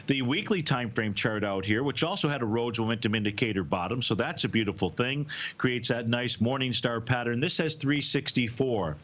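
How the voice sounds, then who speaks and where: A man's voice: medium pitch, moderate pace, fairly bright tone, dull audio. Man walking viewers through market charts. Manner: explanatory, walks through charts step by step. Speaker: market analyst host answering viewer questions. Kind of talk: live market analysis show.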